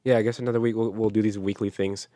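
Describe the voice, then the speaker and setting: A man's voice: lowish voice, flat delivery, fast, mellow, no room sound, clean studio sound. A man co-hosting a casual podcast, easygoing as he chats and wraps up the episode. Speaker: podcast co-host. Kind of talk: casual chat.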